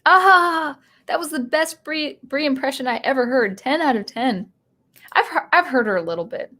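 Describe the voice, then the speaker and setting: A woman hosting a live-stream commentary, answering chat and thinking aloud with halting restarts. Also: high voice, expressive, bright, forceful tone. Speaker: channel host and teacher.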